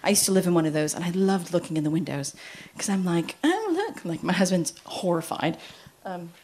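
A woman's voice: fairly low pitch, steady tone, fairly quick, a little mellow, slight background noise. A middle-aged woman from the United States giving a chatty, story-filled talk to parents at a church, acting out quotes as she goes.

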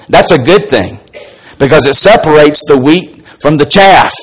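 A man preaching a sermon, reading scripture aloud and retelling its dialogue, moving between soft, low asides and raised, emphatic lines. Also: poor audio. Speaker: pastor.

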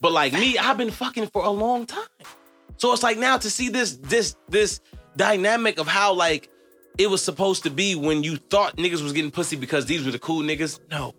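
Podcast host, male, crude storyteller, bright high voice with swinging pitch, faint music under him. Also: normal speed. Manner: animated, profane storytelling. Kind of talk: crude casual chat.

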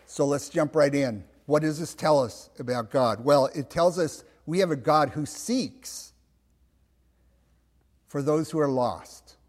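A pastor preaching a sermon, slow and emphatic, asking his listeners rhetorical questions. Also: a little high, in a large hall.

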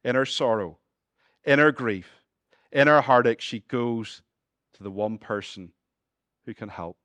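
A man with a Northern Irish accent preaching a sermon as pastor, moving between lively humorous asides and hushed, earnest appeals to his listeners. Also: mid-range voice, a little slow, long pauses, no echo. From Northern Ireland.

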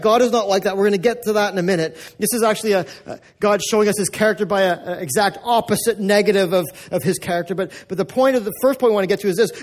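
High-voiced pastor preaching. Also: male voice. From North America. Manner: conversational, repetitive, emphatic. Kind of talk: sermon.

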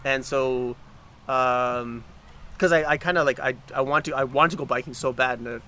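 A man's voice: mid-range voice, fairly even intonation, moderate pace, bright, forceful tone, slight background noise. A man co-hosting a casual chat, rambling and stopping to restart, swearing freely.

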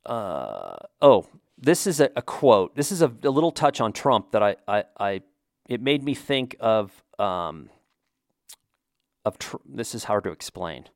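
A man's voice: on the low side, sing-song, unhurried, creaky, a little mellow, no room sound, clean studio sound. A man talking in a casual, rambling opinion monologue, often restarting his sentences and adding emphatic asides.

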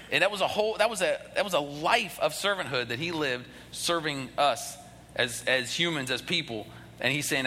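A man's voice: on the high side, pushed and bright. A man who is a pastor preaching a sermon in church, earnest, often restarting and repeating words. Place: church sanctuary. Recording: long hall reverb, faint noise.

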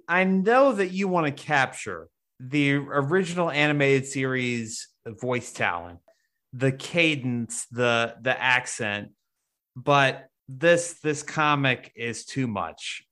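A man co-hosting a comics podcast, voicing opinions and complaints in a lively, casual way. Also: mid-range voice, slow pace. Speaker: podcast co-host discussing comics. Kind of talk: casual chat.

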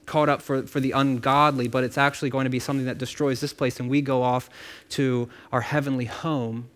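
A man's voice: mid-range voice, flat delivery, brisk, a bit bright. A man preaching a sermon in a casual, conversational way, with frequent asides and repeated words. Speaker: pastor.

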